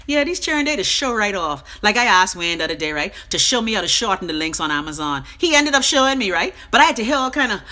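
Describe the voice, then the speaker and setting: A woman's voice: mid-range voice, lively intonation, fast talker, bright, forceful tone. A middle-aged Bahamian woman hosting a casual live stream. She rambles from topic to topic with salty, profane talk.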